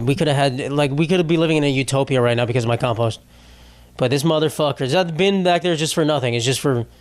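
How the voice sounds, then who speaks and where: A young man hosts a solo comedy podcast, his mid-range voice clean and free of echo. He rants in a rambling, profane, exasperated way.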